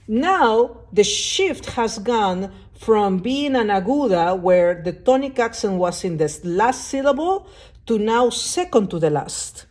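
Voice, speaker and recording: A woman's voice: fairly high pitch, sing-song, takes it slowly, darkish tone. A woman teaching a lesson at a whiteboard, explaining step by step and often checking that the class understands. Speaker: Spanish teacher.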